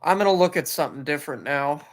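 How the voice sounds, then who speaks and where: A man's voice: fairly high pitch, fast. A man hosting a casual commentary stream, reading messages and pages aloud while he browses. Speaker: stream host.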